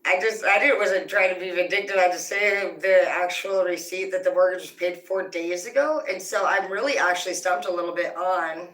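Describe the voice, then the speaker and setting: A woman's voice: fairly low pitch, normal speed, few pauses, fairly bright tone. Profane ranting woman, far off in a roomy space. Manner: profane, confrontational, rambling. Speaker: livestreamer. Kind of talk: live-stream rant to viewers. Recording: roomy sound, distant from mic.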